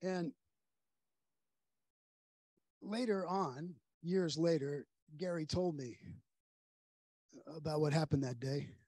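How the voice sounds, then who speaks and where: Husky-voiced man preaching a story. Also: a little high, slow pace, pauses often, dry recording. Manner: earnest storyteller, drops to soft hushed tones at grave moments. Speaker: pastor. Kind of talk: sermon storytelling. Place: church sanctuary.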